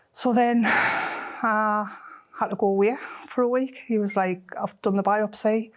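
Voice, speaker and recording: A middle-aged woman, telling a personal story in an emotional, halting way that often drops to a near whisper. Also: medium pitch, a little mellow. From North East England. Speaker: interviewee.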